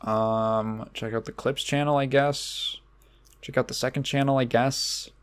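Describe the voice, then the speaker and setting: A man's voice: medium pitch, fairly even intonation, a little slow, smooth. Rambling male podcast host. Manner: rambling, with many restarts and fillers. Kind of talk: casual solo podcast chat.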